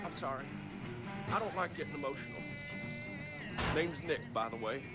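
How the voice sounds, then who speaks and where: A man voicing a desperate middle-aged bush pilot in a video game, frantic and swearing as he pleads for help. His high voice swings wildly up and down. Loud game music plays under him. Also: lively intonation, normal speed, lightly acted. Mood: subdued. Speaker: game character. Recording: game audio with music behind.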